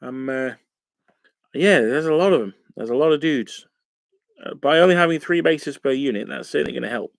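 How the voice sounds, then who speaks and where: A man talks through a casual live stream in a loose, rambling way, with lots of fillers. His voice has a gravelly, creaky edge. The sound is dry and close, with no room echo. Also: mid-range voice, normal speed. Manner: rambling and chatty, many fillers. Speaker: wargaming channel host. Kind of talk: casual live-stream chat while painting miniatures.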